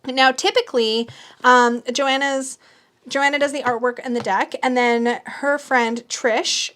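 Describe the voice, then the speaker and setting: A woman in a casual unboxing chat, gushing and excitable, gasping and squealing as she shows off a new tarot deck. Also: high voice, measured pace.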